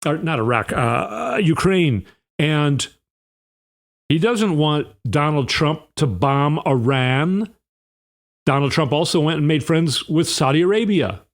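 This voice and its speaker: A man's voice: a little high, expressive, a little slow. A man hosting a podcast, delivering a rambling, sarcastic political monologue with an indignant edge. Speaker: podcast host.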